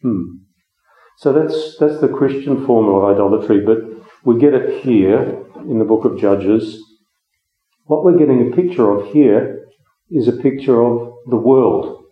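A man's voice: mid-range voice, a little slow. A man preaching a Bible teaching sermon in a conversational way, with frequent ums and restarts. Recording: echoey room, dull lo-fi sound.

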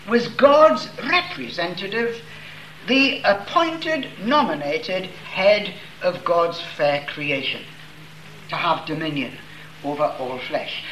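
Slow, emphatic preacher in an echoey room. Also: male voice, high-pitched, bright, forceful tone. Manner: slow, emphatic reading of scripture with stressed words. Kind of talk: sermon. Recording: roomy echo with faint room noise.

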